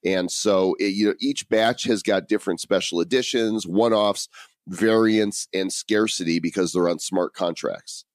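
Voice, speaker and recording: Low-voiced joking podcast host. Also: male voice, normal speed, no room sound, clean studio sound. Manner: joking, reads listener reviews aloud. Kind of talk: casual chat.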